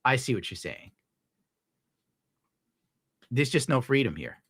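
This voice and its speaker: A man's voice: mid-range voice, very animated, slow, fairly bright tone, slightly rough, dry recording, studio quality. A young man streaming live, reading out viewer tips and ranting casually with lots of swearing. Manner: profane, ranting, gets worked up. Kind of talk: casual livestream chat.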